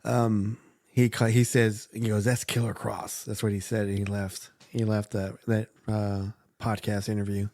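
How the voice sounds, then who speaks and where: A man's voice: on the low side, flat delivery, unhurried, warm tone, dry recording, clean studio sound. A man co-hosting a podcast, casually recapping comic storylines with lots of fillers. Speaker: podcast co-host.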